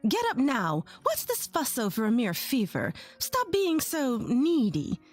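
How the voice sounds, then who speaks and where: A woman's voice: sits high, wildly swooping pitch, unhurried, soft background music, pitched above the performer's own voice, exaggerated voice. A woman voicing a harsh, scornful older mother-in-law who scolds and sneers.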